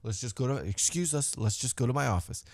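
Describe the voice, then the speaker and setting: A man putting on the voice of an older male boss who keeps trying to calm someone down and repeats himself. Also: mid-range voice, fast, no room sound, studio quality, close to an everyday voice. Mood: placating. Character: older male boss soothing an angry wrestler.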